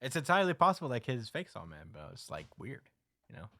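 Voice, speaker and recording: A man's voice: medium pitch, wildly swooping pitch, fast talker, fairly bright tone, no echo, studio quality. A young man hosting a podcast, casually recapping a comic in a laid-back, slangy way with frequent laughs. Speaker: podcast host.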